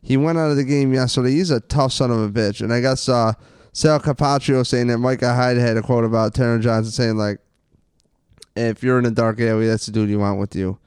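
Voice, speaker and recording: Profane, excitable male sports podcaster. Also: mid-range voice, a little fast, clean tone, no echo, studio quality. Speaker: podcast co-host. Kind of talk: casual sports chat.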